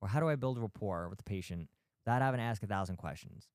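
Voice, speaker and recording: Blunt, emphatic man with a smooth voice. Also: fairly low pitch, quick pace, a little mellow, no room sound, studio quality. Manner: blunt, emphatic, rhetorical questions, mild swearing. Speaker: podcast host, physical therapist. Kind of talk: animated talk to practice owners.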